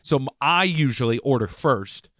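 A man hosting a casual podcast who tells his story with lively energy and acts out each person in it. His voice is medium-pitched. The sound is dry and close to the mic. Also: moderate pace, dry recording. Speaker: podcast host.

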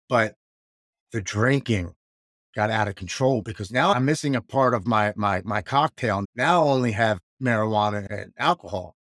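A man's voice: on the low side, a bit bright, no echo, studio quality. A man in his forties, a guest who earnestly recounts his past and often stumbles over and repeats his words. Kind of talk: candid personal storytelling.

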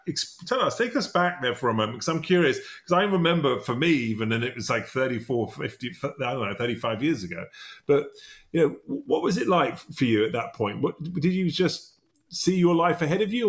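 A middle-aged man hosting a casual interview, rambling with many restarts and fillers. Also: on the high side. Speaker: podcast host.

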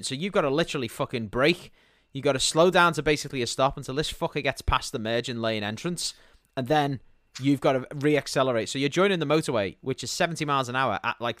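A podcast co-host speaks in a mid-range, fairly bright voice at a fast clip, captured in a clean studio with no echo. He rants and mocks his way through casual banter, swearing constantly.

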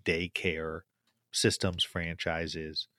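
A man with a low voice hosting a business interview. He asks questions, often restarting his sentences, in a dry, close recording. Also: little pitch movement, drawn-out words, a bit bright, no echo. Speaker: podcast host.

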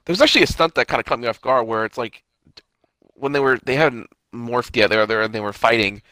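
A man's voice: medium pitch, quick pace, bright, forceful tone, dry recording. A man co-hosting a casual chat about a TV show, laid-back, with short replies and asides. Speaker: podcast co-host.

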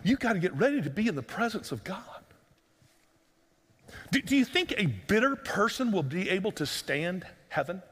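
A man's voice: sits high, very animated, normal speed, a bit bright, slightly rough. A man preaching a sermon as pastor, earnest and pleading, pressing his listeners with repeated rhetorical questions. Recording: long reverb of a large room.

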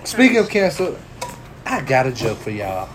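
A man's voice: mid-range voice, huge pitch swings, normal speed, background noise. A man hosting a casual podcast, teasing his co-hosts and telling jokes in a loose, profane way. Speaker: podcast host.

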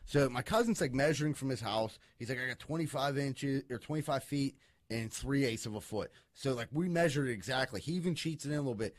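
A man telling a profane, animated story in casual chat among friends. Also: medium pitch, brisk, dry recording, studio quality.

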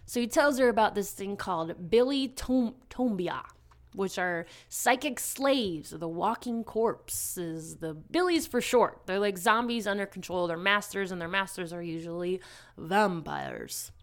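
A woman casually recapping a horror comic in chat, animated, dropping into quick character voices with lots of fillers. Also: mid-range voice. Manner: chatty, lots of fillers and restarts. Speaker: podcast co-host recapping a comic.

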